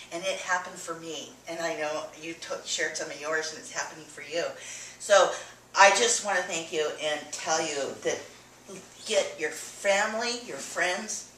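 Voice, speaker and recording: A woman giving a personal testimony to an audience, animated, laughing often and acting out what others said. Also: on the low side, slight background noise. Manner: animated, laughing often, acts out quoted dialogue. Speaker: testimonial speaker. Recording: echoey room, mic from far off.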